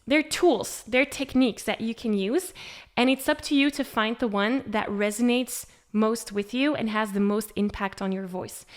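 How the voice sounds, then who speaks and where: A woman's voice: fairly high pitch, a bit bright. A woman teaching a spoken singing lesson, friendly and encouraging, laughing now and then. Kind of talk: spoken vocal lesson with sung demonstrations.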